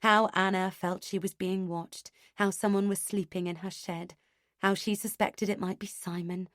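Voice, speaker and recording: A woman reading a first-person thriller audiobook in a tense, measured way. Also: mid-range voice, flat delivery, no room sound, studio quality. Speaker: audiobook narrator.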